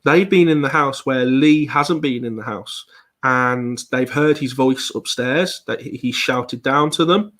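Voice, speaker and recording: A man walks through an online presentation on paranormal investigation. His voice sits at an ordinary pitch, and he hesitates often, restarting phrases and filling gaps with ums. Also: measured pace, a bit bright. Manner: hesitant, frequent ums and repeated words.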